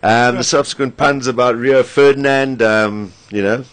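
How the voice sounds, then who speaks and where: A man hosting a radio show, relaxed and joking, laughing often with his guest. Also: medium pitch, moderate pace, smooth, no echo. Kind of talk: casual chat.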